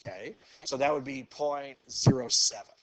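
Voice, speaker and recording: In a classroom lecture, a man with a medium-pitched voice walks students through a math problem at normal speed. His style is relaxed; he repeats "okay" and "go ahead" constantly and poses questions to the class.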